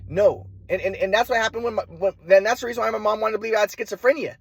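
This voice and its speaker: A man's voice: high-pitched, fairly even intonation, rapid-fire, vocal fry, breathy edge, dry recording. A young man telling his own story in a rambling, profane monologue, full of restarts and repeated words. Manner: profane, restless, many restarts. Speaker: vlogger.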